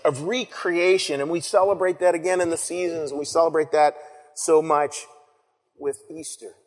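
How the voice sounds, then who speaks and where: A man preaching an Easter sermon as pastor, talking conversationally with frequent restarts and soft trailing phrases. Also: fairly high pitch. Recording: long hall reverb.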